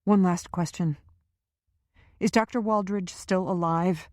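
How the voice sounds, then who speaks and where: A woman's voice: lowish voice, a little slow, a little mellow, no room sound, studio quality, voice pushed up, close to an everyday voice. A woman voicing a determined woman questioning a captive in an audiobook, direct and pressing.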